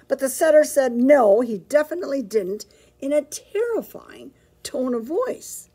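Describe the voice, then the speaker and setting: A woman librarian reading a picture book aloud to children, with expressive, animated storytelling. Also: on the high side, moderate pace, husky.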